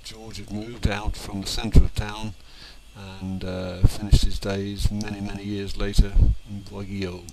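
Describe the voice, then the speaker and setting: A man in his sixties, from England, narrating old family home movies in an unhurried, reminiscing way with fillers and small restarts. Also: lowish voice, level tone, gravelly, heavy background noise. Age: 60s.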